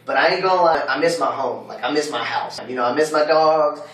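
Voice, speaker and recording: A man's voice: fairly high pitch, a little fast, distant mic, background noise. A young man, a college student, telling stories about his family in a casual vlog from his dorm room. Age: young adult. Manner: loud slangy hype, then quieter storytelling. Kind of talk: casual vlog tour and storytelling. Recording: echoey room, voice off-mic.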